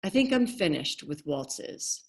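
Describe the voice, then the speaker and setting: A weary older father who plays the viola, gently wry and quiet, as a woman reading aloud puts him on. His voice sits a touch low and soft, in a lowered, subdued storybook delivery. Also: very animated, measured pace, full character voice. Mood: gentle, weary.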